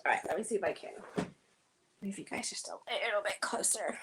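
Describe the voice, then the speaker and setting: A woman's voice: medium pitch, brisk, a bit bright, breathy edge, rough recording. A woman hosting a casual sewing livestream, thinking aloud and chatting to her viewers as she works.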